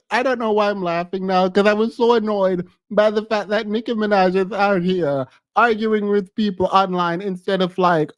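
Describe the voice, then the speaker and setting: High-voiced, animated male gossip commentator. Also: dry recording. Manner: animated, chatty, laughs often. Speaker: pop culture commentator.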